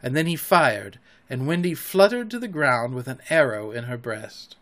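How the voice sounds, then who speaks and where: A man reads a children's story aloud as the host of a storytelling podcast. His narration is expressive, with a lively, swinging pitch and a mid-range voice. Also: normal speed. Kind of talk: reading a children's book aloud.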